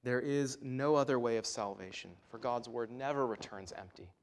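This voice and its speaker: Male pastor, mid-pitched voice, emphatic sermon delivery. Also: moderate pace, a little hiss or hum. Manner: earnest, emphatic, voice rising and falling for stress. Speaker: preacher.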